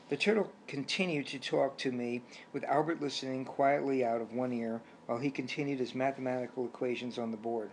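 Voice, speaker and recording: A man's voice: medium pitch, fairly even intonation, brisk, hardly any pauses, a little mellow, slight background noise, rough recording. Man steadily narrating a storybook.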